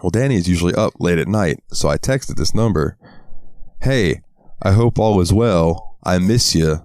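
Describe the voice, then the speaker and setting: Deep-voiced man telling stories, dry sound. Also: expressive, normal speed, darkish tone, no echo. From American South. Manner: storytelling, acts out quotes in a raised voice, swears often. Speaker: podcast co-host. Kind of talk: casual chat.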